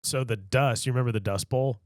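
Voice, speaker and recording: A man's voice: medium pitch, fairly quick, darkish tone, no room sound. A man co-hosting a comedy podcast, rambling through long casual stories. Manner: rambling, tells stories in long run-on sentences. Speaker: podcast co-host. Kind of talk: casual chat.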